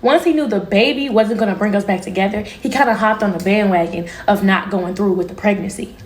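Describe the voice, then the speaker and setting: A woman telling her viewers a personal story in a candid, slangy, animated way. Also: mid-range voice, fairly quick, reverberant, a little hiss or hum. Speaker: storytime vlogger. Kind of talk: casual storytime monologue.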